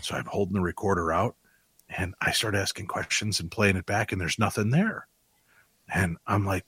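A man with a low, dry-sounding voice tells anecdotes casually. He jumps into high, excited voices whenever he quotes someone, then drops back down. The sound is close and dry. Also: moderate pace, breathy edge, no room sound. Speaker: paranormal investigator guest.

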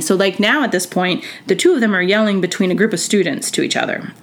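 A podcast host tells a school story in a chatty monologue, full of fillers like "like" and "you know," and acts out the voices of the people she quotes. Her voice is lowish, and she talks fairly quickly with few pauses.

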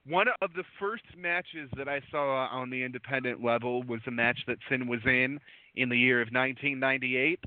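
A man who is a wrestling promoter, hosting a radio show and briskly introducing guests. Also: medium pitch, dry recording. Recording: dry tinny phone line.

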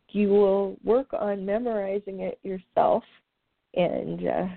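A woman hosts her podcast in a casual, reflective way, sincere and a little hesitant, with small filler pauses. Her voice sits fairly low. The sound is dry and narrow, like a phone line. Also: creaky, dry recording. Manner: earnest and heartfelt, with frequent filler pauses. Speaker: podcast host.

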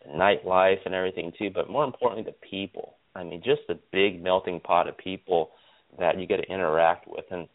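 A man from Stockton, California, a guest optometrist telling stories in an animated way, repeating words and using lots of fillers. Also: deep voice, a little fast. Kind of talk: casual interview storytelling. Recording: tinny phone line.

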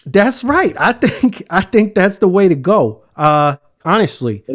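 A man co-hosting a casual comedic chat, deadpan and rambling, joking at his own expense and swearing freely. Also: high-pitched, measured pace.

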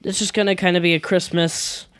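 A man's voice: high-pitched, flat delivery, a little fast, fairly bright tone, clear, resonant tone, no echo, clean studio sound. A teenage man hosting a casual home podcast, hesitant and prone to restarts and laughter. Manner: hesitant, lots of fillers and restarts, laughs often. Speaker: podcast host. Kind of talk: casual chat. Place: home basement.

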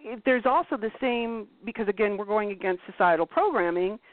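A woman hosting a casual talk show, blunt and animated, swearing freely and acting out quotes. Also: medium pitch, a little fast, dry recording. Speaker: podcast host. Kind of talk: casual chat. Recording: tinny phone-like line, dry.

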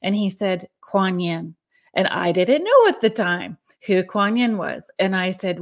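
A woman's voice: medium pitch, animated, measured pace. A woman in her forties hosting a show, reading viewer comments and telling a personal story in a casual, friendly way. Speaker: podcast host.

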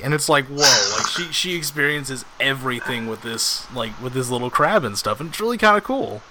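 A man's voice: medium pitch, expressive, normal speed, hardly any pauses, heavy background noise. A man co-hosting a podcast in casual chat, enthusiastic and chatty. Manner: enthusiastic, chatty, many fillers. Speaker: podcast co-host.

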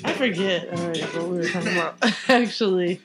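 A woman's voice: fairly low pitch, a little fast, over music. A woman chatting casually and chiming in agreeably. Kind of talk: casual chat.

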